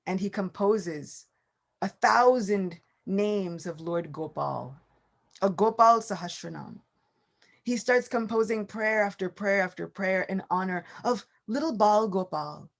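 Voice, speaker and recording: Woman, scripture class, storytelling, lively, acts out dialogue. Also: lowish voice, creaky. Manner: lively storyteller acting out characters' lines. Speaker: class speaker.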